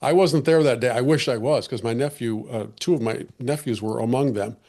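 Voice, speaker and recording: A man speaks in a mid-range voice, earnest and reflective as he hosts a podcast conversation. His voice is a little hoarse, and he often restarts his sentences with fillers. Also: mid-range voice, a little fast, warm tone. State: losing his voice. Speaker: podcast host.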